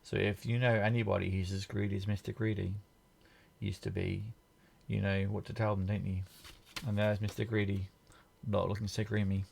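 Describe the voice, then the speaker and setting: A man reading a children's picture book aloud in a gentle way, pointing out the pictures to the listener. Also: lowish voice, flat delivery, moderate pace, gravelly, slight background noise. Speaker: storybook reader.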